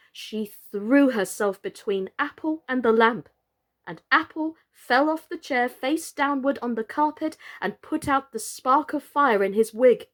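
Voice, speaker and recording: A woman reading a children's book aloud as a storyteller, slow, gentle and expressive. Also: sits high.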